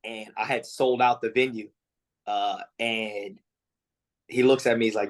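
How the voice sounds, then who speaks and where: An MMA fighter answers interview questions in casual conversation, telling stories with animation and acting out quotes, full of fillers and restarts. His voice is lowish and his pace measured.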